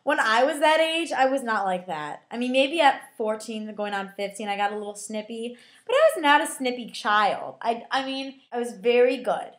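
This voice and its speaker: A woman's voice: fairly high pitch, animated, normal speed. A teenage girl giving a chatty, casual book review, full of fillers, who slips into mocking voices.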